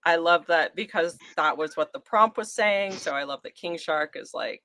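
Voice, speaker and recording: A woman's voice: lowish voice, normal speed, sharp tone. A woman co-hosting a casual live stream, gushing enthusiastically and giggling often. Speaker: co-host.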